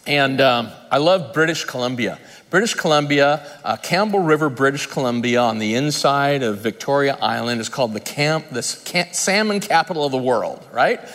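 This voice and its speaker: A man's voice: medium pitch, expressive, normal speed, fairly bright tone. A man preaching a sermon, telling a humorous fishing story and then reading scripture. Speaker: pastor. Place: large conference hall. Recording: long reverb in a hall.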